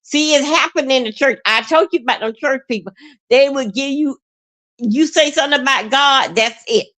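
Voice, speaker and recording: A woman hosting a livestream, rambling in a halting, repetitive way with many fillers and plenty of emotion. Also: sits high, fairly bright tone. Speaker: livestream host. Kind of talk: rambling live-stream monologue.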